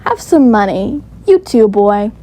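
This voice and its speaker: A woman's voice: medium pitch, very animated, measured pace, warm tone, slight background noise. A woman voicing a flashy, careless rich uncle with a put-on Southern drawl, boastful and smug.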